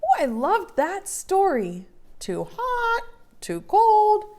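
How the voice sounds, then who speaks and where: Betsy, a woman doing a squeaky, excited puppet friend. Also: takes it slowly, heavily acted. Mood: delighted.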